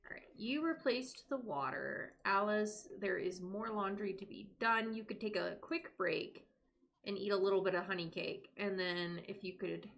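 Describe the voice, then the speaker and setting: A woman's voice: medium pitch, normal speed, gravelly, fairly bright tone. A young woman streaming a life-sim game, chatting casually to her characters and to her viewers. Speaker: live streamer. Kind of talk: casual gameplay commentary.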